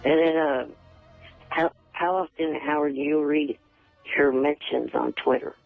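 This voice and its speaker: Halting man on a tinny phone line. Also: fairly high pitch, steady tone, creaky, no echo, soft background music. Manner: halting, repeats words. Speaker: caller. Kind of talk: phone-in chat.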